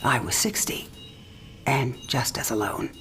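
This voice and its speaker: An actress playing an elderly mother on her last night alive, wry, teasing and frank, often speaking softly in a game cinematic. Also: extremely low pitch, a little slow, whispered, soft background music, full character voice. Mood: tender. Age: older. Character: dying elderly mother, warm, sharp-witted, frank. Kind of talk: video game cinematic drama.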